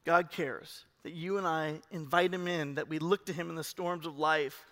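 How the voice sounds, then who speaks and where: High, bright-voiced preaching man. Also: normal speed. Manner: animated preaching that swings between loud urging and hushed emphasis. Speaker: pastor. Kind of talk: sermon. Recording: long reverb of a large hall.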